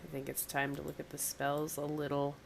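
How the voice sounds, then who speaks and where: A woman's voice: deep voice, completely flat delivery, a little fast, creaky. A woman teasing the other players with frequent laughs at a tabletop game session.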